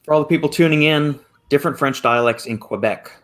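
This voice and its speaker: A man's voice: fairly high pitch, quick pace, fairly bright tone. A man hosting a livestreamed podcast, easygoing, reading out viewer comments and thanking donors. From America. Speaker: podcast host. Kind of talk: casual chat, livestream hosting.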